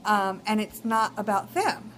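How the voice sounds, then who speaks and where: A woman's voice: mid-range voice, animated, unhurried, fairly bright tone, a little hiss or hum, rough recording. A young woman with a Texan accent giving casual advice in a vlog, talking chattily with many fillers. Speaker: vlogger.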